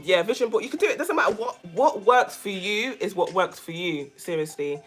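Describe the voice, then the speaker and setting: A woman vlogger talking casually to her viewers, animated and emphatic, often repeating phrases for stress. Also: medium pitch, brisk, faint music behind. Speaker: vlogger, self-care coach. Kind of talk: casual chat to camera.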